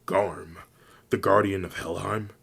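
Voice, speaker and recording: A man voicing an eager, calm young male sun wolf speaking to his father, in a flat reading. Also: low voice, takes it slowly, creaky, husky, full character voice.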